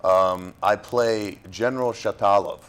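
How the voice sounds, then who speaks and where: A man from Florida, an actor being interviewed, talking in a relaxed, halting way with fillers and restarts. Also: fairly low pitch, clear, resonant tone. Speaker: actor guest. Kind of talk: casual interview talk.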